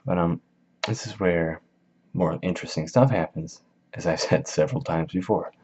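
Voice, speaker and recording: Deep-voiced, slangy man summarizing a book. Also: normal speed, darkish tone, husky. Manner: slangy, rambling, jokey. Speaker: video host.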